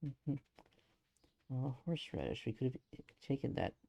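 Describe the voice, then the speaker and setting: A man giving casual gameplay commentary on a stream, low-key and subdued, muttering playful sing-song asides. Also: expressive, measured pace, creaky, mellow.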